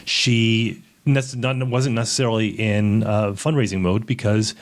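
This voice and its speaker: A man with a Maryland accent co-hosting a podcast, quick and argumentative, often restarting his sentences. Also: on the low side, steady tone. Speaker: podcast co-host. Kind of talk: casual political chat.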